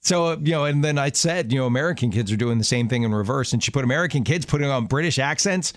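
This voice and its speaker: A middle-aged man co-hosting a talk show, chatting casually and telling stories with quick laughs. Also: mid-range voice, animated, no echo, clean studio sound. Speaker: radio show co-host. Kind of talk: casual chat.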